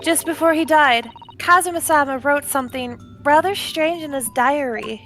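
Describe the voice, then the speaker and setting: A woman's voice: high voice, normal speed, a bit bright, faint music behind. A woman voicing a polite young assistant. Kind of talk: fan voice-over of a game.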